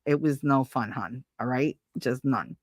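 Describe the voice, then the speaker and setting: A woman's voice: a bass voice, a little slow, no room sound, studio quality, pitched below the performer's own voice. A woman putting on a brash Brooklyn lady. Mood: griping. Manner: blunt, loud put-on accent. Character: brash Brooklyn woman griping about water troubles.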